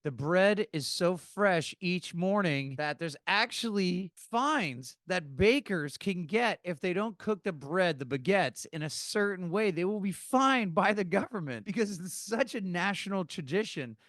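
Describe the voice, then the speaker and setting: A man's voice: high voice, expressive, unhurried, hardly any pauses, a bit bright, dry recording, clean studio sound. An American man hosting a podcast, giving chatty, emphatic advice with frequent asides. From United States. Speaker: podcast host. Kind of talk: casual podcast monologue.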